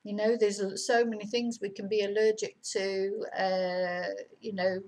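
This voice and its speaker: A woman's voice: mid-range voice, little pitch movement, a little mellow, poor audio. Chatty middle-aged woman teaching vocabulary. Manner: chatty, repeats words slowly and clearly. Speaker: language teacher. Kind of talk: casual vocabulary lesson. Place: home in Spain.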